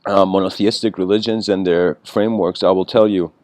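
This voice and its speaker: A man giving a casual, rambling spiritual lecture, clearing his throat often and laughing between thoughts. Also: low voice, fairly even intonation, fairly quick, darkish tone, no echo.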